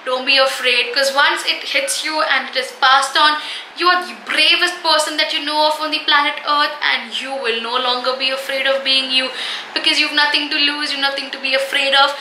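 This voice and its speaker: Young woman vlogging, bright high voice, sassy and animated, kinda echoey room. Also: normal speed, a little hiss or hum. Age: young adult. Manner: animated, sassy, calls viewers honey. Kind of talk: motivational talk to camera.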